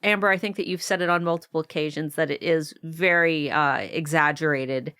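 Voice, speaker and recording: A woman from the United States co-hosting a podcast in casual chat, talking in quick restarts. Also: sits low, fairly even intonation, bright, forceful tone, clear, resonant tone, no echo, clean studio sound. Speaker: podcast co-host.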